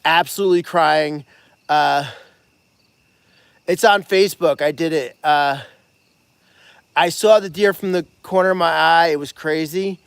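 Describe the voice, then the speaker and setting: An excitable, chatty man hosts a casual livestream from an animal sanctuary barn. His voice sits a bit high for a man, and he thanks donors by name as he talks. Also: a little slow, gravelly, pauses often, clear, resonant tone, no echo. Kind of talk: casual live-stream chat.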